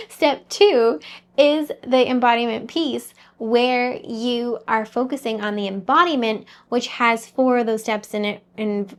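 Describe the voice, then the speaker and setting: A woman with a somewhat high voice speaks as a mindset coach. Her talk is earnest and conversational. She addresses the listener directly, in a motivational tone.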